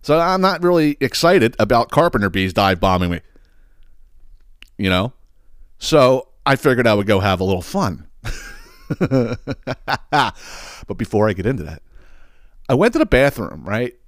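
A man hosting a podcast, telling a story in a heated, profane, animated way with lots of restarts. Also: mid-range voice, normal speed, long pauses, no echo, clean studio sound. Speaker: podcast host. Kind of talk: casual storytelling monologue.

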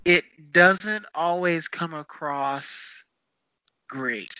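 Bright-voiced man chatting about TV. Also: a little high, extremely slow. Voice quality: animated, laughs often. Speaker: podcast co-host. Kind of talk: casual TV review chat. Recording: dull lo-fi sound.

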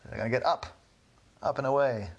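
A man's voice: mid-range voice, a little fast, highs cut off, natural voice. A man voicing an eager, friendly young male detective in a chatty way.

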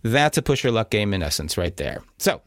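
Lively, low-voiced male podcast co-host. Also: fairly quick, dry recording, studio quality. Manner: explanatory, chuckles at his own slips. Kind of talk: casual chat explaining a board game.

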